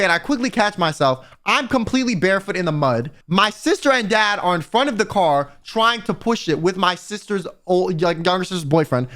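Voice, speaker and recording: A young man telling a wild story to his viewers in a casual, exasperated, animated way. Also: high-pitched. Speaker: vtuber storyteller.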